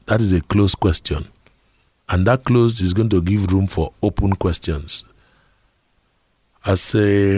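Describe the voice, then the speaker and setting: A man's voice: deep voice, measured pace, long pauses, breathy edge, no room sound, studio quality. A middle-aged Nigerian man giving an earnest talk on communication, telling personal stories and asking rhetorical questions. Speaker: speaker on communication skills.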